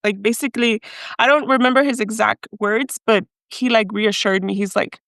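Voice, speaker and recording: A young adult woman from Mexico, a podcast guest telling her own story in a lively way with frequent laughter, dropping Spanish words into her English. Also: fairly high pitch, fairly quick, dry recording. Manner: animated, laughs often, mixes in Spanish. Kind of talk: storytelling in an interview.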